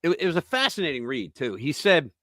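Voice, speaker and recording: A man's voice: a little high, very animated, quick pace, fairly bright tone, no echo. A man hosting a casual political talk show, retelling a story in a rambling way with restarts and fillers. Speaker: host.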